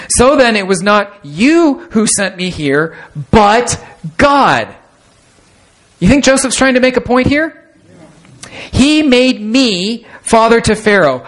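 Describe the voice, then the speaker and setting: A male pastor with a high-pitched voice delivers a sermon, reading scripture aloud and unpacking it with emphatic asides. He slows down to stress key phrases.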